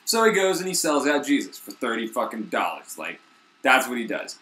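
A man's voice: mid-range voice, big pitch swings, fairly quick, pushed and bright, reverberant, a little hiss or hum. A young man, the host, retelling a story in rambling, slangy casual talk full of swearing.

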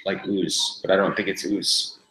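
A man's voice: sits low, steady tone, moderate pace, bright, forceful tone. A man hosting a casual livestream for his viewers while in pain from a burned hand, groaning, sighing and swearing between remarks. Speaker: vlogger host. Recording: echoey room, faint noise.

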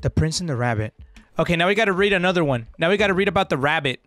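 A man's voice: on the high side, animated, rapid-fire, a bit bright, dry recording. A young man, joking and swearing through casual let's-play commentary and mixing in slang. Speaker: gaming streamer.

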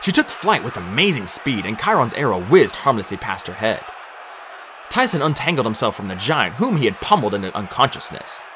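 A man reading an audiobook aloud in an animated, dramatic storytelling manner. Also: medium pitch, slight background noise. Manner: animated, dramatic storytelling with raised voice for shouted lines. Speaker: audiobook narrator. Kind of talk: audiobook narration.

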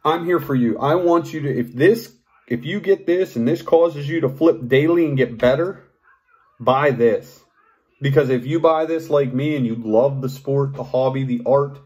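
A man ranting in an unscripted vlog, swearing freely and rambling with restarts, growing louder and higher as he gets worked up. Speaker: knife hobbyist vlogger.

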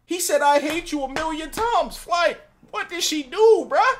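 Animated man roasting a song, bright and lively. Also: very high voice, measured pace. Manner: animated, mocking, laughs often. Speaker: music reaction host. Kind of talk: comedic music reaction commentary.

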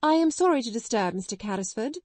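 A woman's voice: animated, fast talker, darkish tone, dry recording. A woman reading an audiobook, voicing a stern, haughty schoolmistress who speaks with rigid politeness and rising indignation. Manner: indignant, rigidly polite, shrill when shocked.

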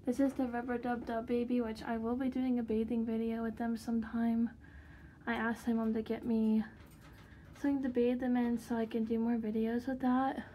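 Soft-toned woman giving a room tour. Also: a little high, little pitch movement, normal speed, a little hiss or hum. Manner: chatty, rambling with fillers. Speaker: doll collector vlogger. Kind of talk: casual room tour vlog. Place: her bedroom.

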